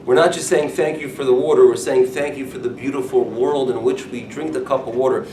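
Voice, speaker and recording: Storytelling rabbi in an echoey room. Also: male voice, mid-range voice, fairly quick, a little hiss or hum. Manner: storytelling, animated and humorous. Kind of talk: informal talk to a group. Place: room with curtains. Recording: echoey room, mic from far off.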